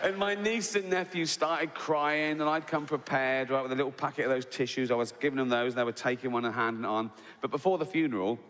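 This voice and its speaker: A man's voice: mid-range voice, fairly even intonation, fast, a bit bright. An English man in his sixties doing stand-up storytelling, tagging lines with "right?" and laughing through his own jokes. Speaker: stand-up comedian. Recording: long hall reverb.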